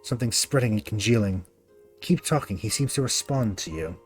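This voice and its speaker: A man voicing a brisk, clinical woman scholar who studies souls. She speaks in a haughty way. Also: lowish voice, animated, soft background music, lightly acted.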